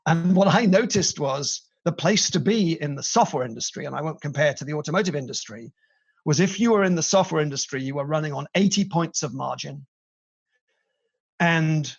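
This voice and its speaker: Gravelly British man, animated storyteller. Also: fairly high pitch, dull audio. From Britain. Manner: animated storyteller, playful asides. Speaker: company CEO, guest. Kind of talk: conversational interview.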